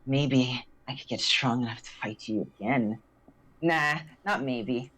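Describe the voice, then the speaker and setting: A woman voicing a slow, low-voiced lonely fighter girl. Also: fairly bright tone, full character voice. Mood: cocky.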